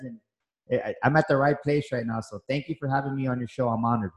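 Excitable middle-aged man, roomy echo. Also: mid-range voice, fast. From Texas. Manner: enthusiastic, excitable, repeats words when starting. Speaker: guest, motivational speaker and coach. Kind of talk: energetic interview talk.

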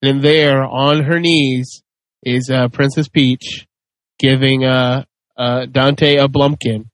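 A man's voice: medium pitch, flat delivery, slow, no echo. A man hosting a casual podcast debate, telling crude, joking stories. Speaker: host.

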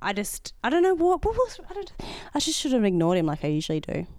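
A woman's voice: on the high side, wildly swooping pitch, fast talker, a little mellow, no room sound, clean studio sound. A young woman co-hosting a podcast, telling rambling stories in casual chat with frequent giggles. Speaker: podcast co-host. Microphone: podcast mic, often turned away.

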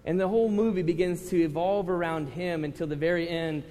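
A male pastor preaching to a congregation, conversational with loud impassioned rises. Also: on the high side, fairly even intonation, brisk. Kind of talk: sermon. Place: church hall with congregation. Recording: reverberant hall with faint ambience.

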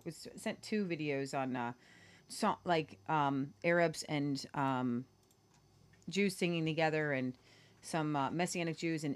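Low-voiced chatty woman co-host. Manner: chatty, rambling, playful with mock accents. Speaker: co-host of a weekly world news show. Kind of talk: casual news commentary chat.

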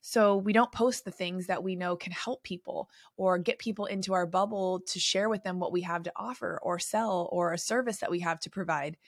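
A young adult woman who coaches in the beauty industry hosts a solo podcast, telling chatty stories packed with fillers. Her voice sits on the low side, steady and moderately paced, with hardly any pauses. The recording is dry and studio quality.

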